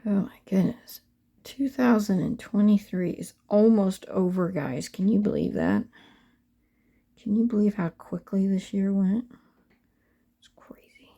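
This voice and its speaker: A woman's voice: mid-range voice, very animated, unhurried, creaky, warm tone. A middle-aged woman in a casual crafting vlog, talking to viewers as she paints a doll and often dropping to a half-whisper. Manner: chatty, often drops to a half-whisper while working. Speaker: reborn doll artist.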